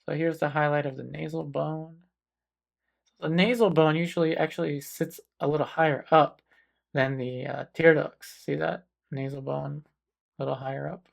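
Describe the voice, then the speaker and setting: A man calmly talking through a portrait painting tutorial, thinking aloud as he paints. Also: fairly high pitch, vocal fry. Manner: calm, unhurried, thinking aloud while painting. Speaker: painting instructor. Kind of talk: relaxed painting tutorial narration.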